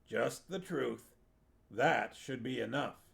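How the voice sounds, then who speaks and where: A stern old grandfatherly sorcerer in a fantasy storybook who speaks in calm, measured warnings, voiced by a man reading aloud. The voice is gravelly and slow. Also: mid-range voice, full character voice.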